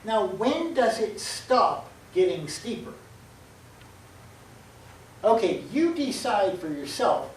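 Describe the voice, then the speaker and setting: A man teaching calculus with plenty of playful energy, acting out small scenes and catching his own slips as he goes. He sounds a few steps back from the mic, in an echoey room with a faint steady hum behind him. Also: high voice, slow pace, pauses often, far from the mic. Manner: lively, acts out little scenes, self-correcting. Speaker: math teacher. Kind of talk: calculus lecture at a board.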